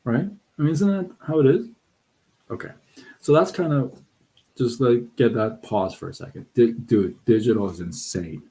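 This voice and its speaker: A middle-aged man hosting a casual live stream, talking in an animated, excitable way with frequent restarts. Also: medium pitch, moderate pace, poor audio. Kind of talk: casual livestream talk. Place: Southern California.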